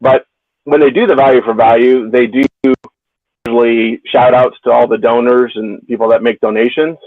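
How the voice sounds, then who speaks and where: A male caller on his phone in his car, working his way through a rambling question with some hesitation. His mid-pitched voice comes through a narrow, tinny phone line that sounds dry and close. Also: level tone, moderate pace, dry recording. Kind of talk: call-in question.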